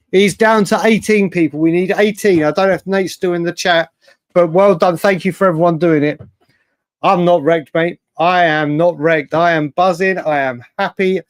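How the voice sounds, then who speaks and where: A man hosting a late-night fan livestream, chatting excitably and reading out viewer comments. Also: a little high, no echo. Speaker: livestream host.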